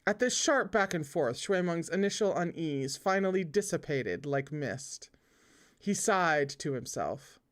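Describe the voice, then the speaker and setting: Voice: mid-range voice, very animated, measured pace. A host reads a novel aloud for listeners in an easy, conversational way. The narration moves steadily and is broken up by playful comments and reactions to the story. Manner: chatty asides, laughs at the text.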